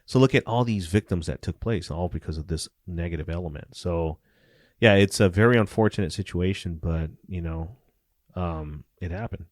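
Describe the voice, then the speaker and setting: Deep-voiced ex-cop telling profane stories. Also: male voice, normal speed, no echo, clean studio sound. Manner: animated, profane storyteller acting out dialogue. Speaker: former police officer. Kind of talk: casual storytelling interview.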